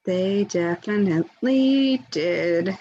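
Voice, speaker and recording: A woman from Connecticut chatting on a video call, full of "like" and quick asides. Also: mid-range voice, expressive, dark tone. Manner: chatty, lots of "like", laughing. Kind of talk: casual video call chat. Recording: dull lo-fi video call audio.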